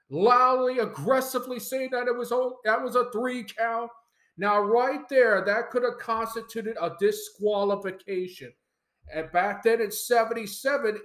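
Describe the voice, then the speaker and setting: A man's voice: high voice, reverberant. A man hosting a podcast, reading a rules memo aloud and adding emphatic opinion commentary. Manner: emphatic, mock-shouting quoted wrestlers. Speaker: podcast host.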